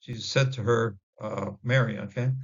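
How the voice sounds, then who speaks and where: Halting man teaching, gravelly dull recording. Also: medium pitch, fairly even intonation. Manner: halting, many fillers and restarts; sounds out Hebrew words slowly. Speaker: Bible teacher. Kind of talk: informal Bible word study.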